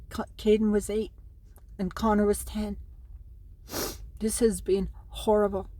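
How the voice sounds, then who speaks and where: A woman's voice: mid-range voice, mellow, no room sound. Aggrieved Irish mother, pleading. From Ireland. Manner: pleading, aggrieved, addresses her sons directly. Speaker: mother speaking to camera about custody. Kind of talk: emotional direct-to-camera plea. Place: at home in New Mexico.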